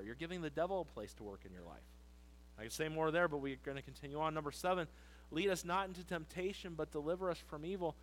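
A man pastor preaching a sermon in a church, reading scripture slowly and loudly between casual asides. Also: a little high, low-quality recording.

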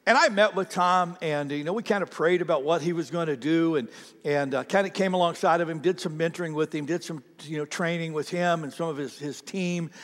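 A man preaching a sermon to his congregation with great passion, swinging from near-shouts down to quiet, intimate asides. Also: on the high side, fairly quick, big-room sound. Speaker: pastor. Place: church sanctuary.

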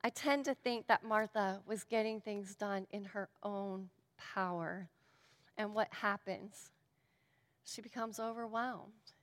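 A woman giving a sermon and a prayer, earnest and shifting between emphatic lines and hushed ones. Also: medium pitch, steady tone, takes it slowly, in a large hall. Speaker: speaker at a devotional.

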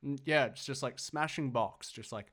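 A man's voice: medium pitch, normal speed, fairly bright tone. A young Australian man co-hosting a podcast in casual chat, rambling with lots of fillers and swearing. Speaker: podcast co-host.

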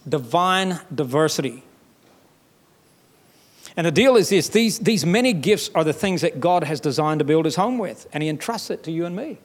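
A male pastor with a Southern US accent preaches in a fairly high voice. He talks in a folksy, emphatic way and pushes up into loud, rising stretches. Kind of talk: sermon.

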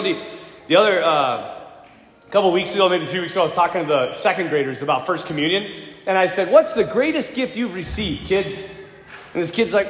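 Man, priest, sermon, high voice, very lively intonation, roomy church echo. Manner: animated storyteller, acts out children's voices. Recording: echoey church hall with long reverb.

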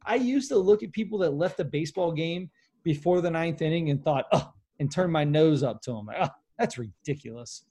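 A man hosting a casual sports talk show, opinionated and animated, with many restarts. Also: fairly high pitch, fairly quick.

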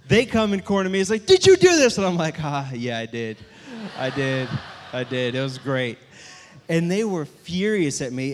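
A church speaker with a medium-pitched voice tells stories to a live audience in a hall, animated and self-mocking, acting out quotes. Long reverb trails through the recording.

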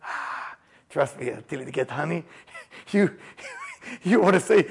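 A man teaches a group about the Passover seder, his voice gravelly and husky. He pitches it fairly high and tells stories with jokes and sudden bursts of emphasis. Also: moderate pace. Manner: animated storyteller, laughs and jokes, shouts for emphasis. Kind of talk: lively teaching talk to a group.

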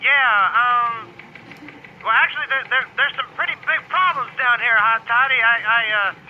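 A man's voice: very high voice, normal speed, muffled recording, slight background noise. A man playing a hesitant, stammering field reporter in a comedy sketch.

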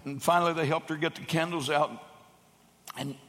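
A man's voice: fairly high pitch, normal speed. A man preaching a sermon, telling a story and raising his voice when he quotes the people in it. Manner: animated storyteller, raises voice for quoted characters. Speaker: pastor. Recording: long hall reverb.

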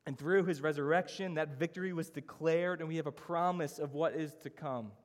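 A man's voice: fairly high pitch, brisk. A man preaching a sermon as pastor, earnest and emphatic, moving through his points in lists. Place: church hall. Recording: church sermon with long hall reverb.

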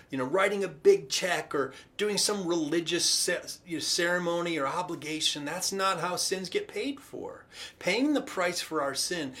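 A man's voice: on the high side, a bit bright. A man preaching a sermon, retelling a parable in a casual, conversational way with acted-out quotes. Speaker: pastor.

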